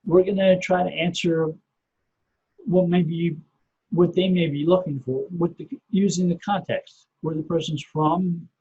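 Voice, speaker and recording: A middle-aged man speaks in a high, warm-toned voice with a husky edge. He explains things patiently, step by step, often repeating his first word. The podcast audio sounds dull and muffled. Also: fairly even intonation, measured pace. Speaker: podcast guest, SEO researcher. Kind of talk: casual explanatory interview talk.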